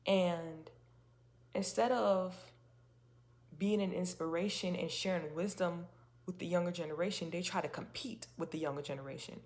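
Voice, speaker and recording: A woman's voice: on the low side, steady tone, moderate pace, a little mellow. Chatty woman giving faith-based encouragement. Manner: chatty and emphatic, with many restarts and rhetorical questions. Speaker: faith-based video host. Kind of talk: casual spoken talk to camera.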